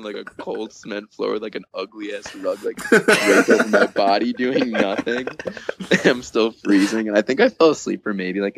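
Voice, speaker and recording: A man's voice: on the low side, gravelly, slight background noise. A man chatting as a podcast guest, telling a long story in a loose, casual way, full of fillers and swearing, with laughs at the funny parts.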